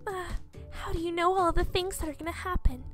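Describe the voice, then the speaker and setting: A woman reading a frightened, earnest young game heroine in a high, breathless, anxious way. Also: brisk, a bit bright, soft background music.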